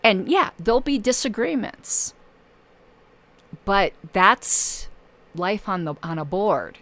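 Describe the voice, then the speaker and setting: A woman hosting her own channel in casual livestream talk, losing her voice and pausing often with fillers. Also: medium pitch, sing-song, a bit bright. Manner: halting, many filler pauses. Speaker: political channel host.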